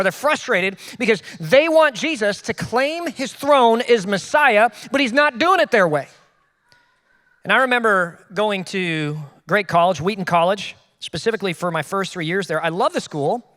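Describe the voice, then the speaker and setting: A young man with a high voice preaching a sermon in a relaxed, conversational way and acting out the people in his story. His voice rings with the long reverb of a church hall. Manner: casual, conversational preaching with acted-out quotes. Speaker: pastor.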